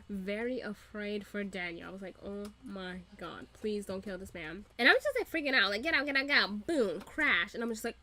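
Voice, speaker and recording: A woman hosting a reaction video, ranting casually and animatedly with a lot of swearing. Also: fairly high pitch. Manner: profane, animated, laughing rants.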